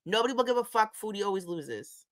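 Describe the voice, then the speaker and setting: A woman's voice: mid-range voice, animated, quick pace. A woman hosting a casual commentary stream, talking bluntly and profanely and getting worked up as she reacts. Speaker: commentary host.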